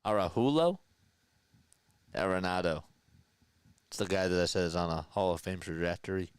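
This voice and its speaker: A man hosting a casual live play-by-play stream, chatting with viewers and answering their comments between pitch calls. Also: level tone, fast, smooth, dry recording. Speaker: livestream play-by-play host.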